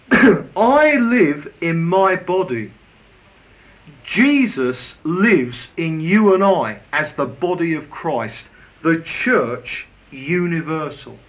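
Lively, slow-paced male preacher. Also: fairly high pitch. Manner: lively, conversational preaching with humor. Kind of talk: sermon. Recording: dull lo-fi recording.

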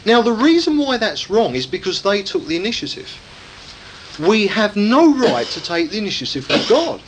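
Male preacher, high voice with a lively, swooping delivery; emphatic sermon style, keeps pressing rhetorical questions. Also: moderate pace, noisy background.

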